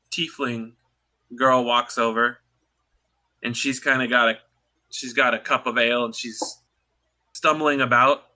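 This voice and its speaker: A man narrating a tabletop role-playing game as dungeon master, pausing often to clear his throat. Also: medium pitch, sharp tone.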